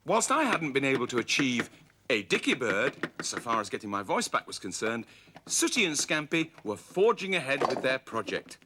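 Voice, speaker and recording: A man narrating a scripted children's storybook as presenter, wry and gently animated. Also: medium pitch, normal speed. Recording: hissy old VHS tape.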